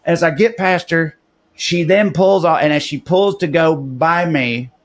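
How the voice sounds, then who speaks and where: A man's voice: on the high side, a little slow. A man, co-hosting a podcast and telling a story in casual chat, rambling with lots of fillers. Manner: rambling, many "like" fillers, animated retelling. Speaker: podcast co-host.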